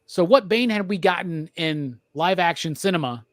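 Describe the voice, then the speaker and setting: A man hosting a podcast, talking excitedly and profanely in a rambling film review. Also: high-pitched, moderate pace, no room sound, clean studio sound. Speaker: podcast host. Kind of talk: casual film review chat.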